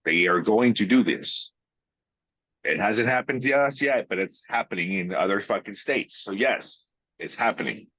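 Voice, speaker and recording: A man in casual podcast chat, talking bluntly with lots of swearing and drawn-out pauses. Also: fairly low pitch, animated, a bit bright, breathy edge, no echo. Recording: dry, dull lo-fi sound.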